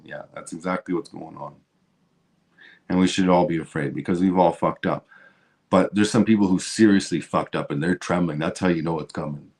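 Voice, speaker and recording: A man's voice: deep voice, normal speed, long pauses, a little mellow. A man hosting a stream, ranting about politics in a heated, profane way with lots of restarts. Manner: heated, swearing, repeats and restarts. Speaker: show host.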